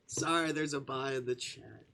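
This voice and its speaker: A man's voice: medium pitch, normal speed, vocal fry, bright, forceful tone. A man live-streaming a visual novel, narrating and reacting to chat with joking asides.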